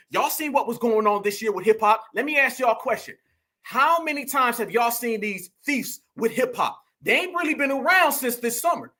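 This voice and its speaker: A man's voice: very high-pitched, bright, forceful tone. A man speaking in African American Vernacular English delivers a fiery, preachy monologue as host, repeatedly calling his viewers family. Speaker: political commentary host. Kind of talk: fiery monologue to an online audience.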